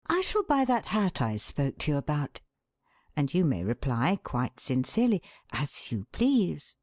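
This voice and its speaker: A woman with a low voice reads aloud in an expressive, measured way, her pitch rising and falling widely. She takes her time over each phrase. The sound is dry and close. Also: no echo. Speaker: reader of a book excerpt. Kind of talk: scripted narration.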